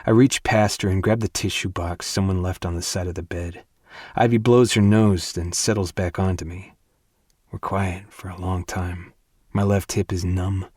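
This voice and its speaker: A man narrating a first-person romance audiobook with a soft, hushed, emotional delivery. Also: low-pitched, slightly rough, dry recording, clean studio sound.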